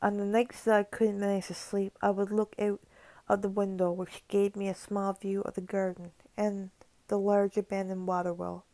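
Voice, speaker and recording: A woman's voice: mid-range voice, flat delivery, moderate pace, mellow, no echo. A woman reading a horror story aloud as a channel narrator, stumbling over words now and then and dropping casual asides between passages. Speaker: creepypasta narrator.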